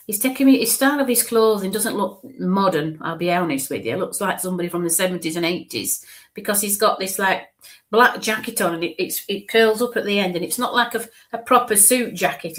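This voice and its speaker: A woman giving a live mediumship reading. She speaks haltingly and repeats herself, stretches names out slowly and sometimes murmurs asides under her breath. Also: medium pitch. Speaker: spiritualist medium.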